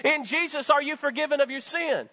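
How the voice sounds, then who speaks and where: High bright-voiced preaching man. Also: brisk, muffled recording. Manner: preachy, rhetorical questions, call-and-response with congregation. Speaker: pastor. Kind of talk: sermon.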